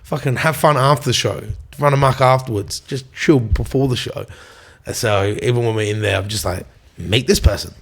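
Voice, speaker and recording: This is a young Australian man talking casually on a podcast. He spins a rowdy story and curses often. He slips into quick impressions of his friends along the way. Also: medium pitch. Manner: swears a lot, acts out quotes. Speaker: guest.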